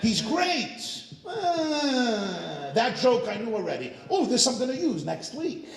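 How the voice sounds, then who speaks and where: A man's voice: extremely high pitch, sing-song, slow pace, creaky, reverberant, voice pushed up, exaggerated voice. A man voicing a jaded, unimpressed male listener who mutters dismissive remarks.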